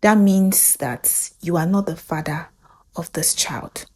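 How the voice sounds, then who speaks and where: A Nigerian woman voicing a male doctor who speaks slowly in hushed, breathy tones. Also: on the low side, a little hiss or hum, voice pushed down, natural voice. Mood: grave. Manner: slow, hushed, breathy whispers. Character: grave male doctor breaking bad news.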